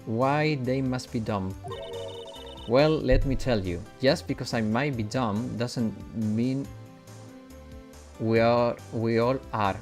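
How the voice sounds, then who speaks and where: A man voicing a brash young Southern woman photographer, reading the game lines slowly in a put-on drawl. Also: medium pitch, darkish tone, soft background music. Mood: indignant. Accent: American Southern drawl, put on. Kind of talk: reading game dialogue aloud.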